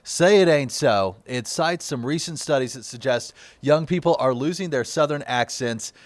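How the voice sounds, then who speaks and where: A man's voice: medium pitch, moderate pace, no room sound. A man anchoring a TV news interview in a studio, chatty and jokey as he asks his questions. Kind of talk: broadcast interview.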